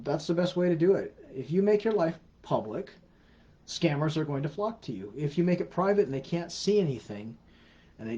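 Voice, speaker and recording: A man's voice: on the high side, dark tone. A middle-aged man hosting a casual livestream Q&A, chatty, with frequent restarts and repeated words. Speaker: host of a scam-awareness livestream. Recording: slightly dull lo-fi livestream audio.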